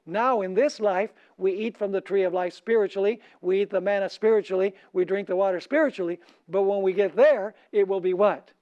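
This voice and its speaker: A man preaching a sermon as a pastor. He asks the audience questions so they can finish his sentences, and he slows down and lifts his voice when he reads scripture. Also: high voice. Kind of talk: sermon lecture. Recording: dull lo-fi recording.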